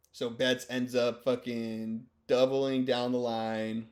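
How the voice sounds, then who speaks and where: A man's voice: mid-range voice, level tone, slow pace, darkish tone. A stoned man giving rambling, joking, profane commentary over sports clips. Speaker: video host.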